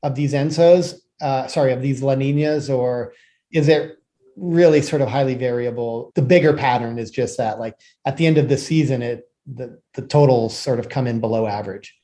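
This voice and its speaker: A man co-hosting a podcast, talking in a relaxed, chatty way full of "like" fillers. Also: medium pitch, normal speed. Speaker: podcast co-host. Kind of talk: casual conversational hosting.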